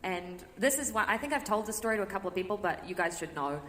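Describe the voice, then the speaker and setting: A woman's voice: medium pitch, lively intonation. A woman from New Zealand with a New Zealand accent, chatting playfully on a convention panel. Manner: playful, quick to joke. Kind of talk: casual panel chat. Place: large convention hall. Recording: echoey hall, loud crowd.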